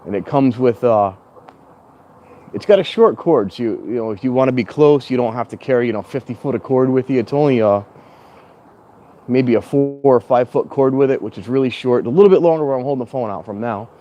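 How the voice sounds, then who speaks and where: A man's voice: medium pitch, fairly quick, muffled recording. Chatty man vlogging outdoors. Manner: rambling, chatty, self-correcting, sometimes raises his voice. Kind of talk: casual rambling vlog chat. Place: outdoors at a train station in strong wind. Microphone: clip-on mic plugged into a handheld phone.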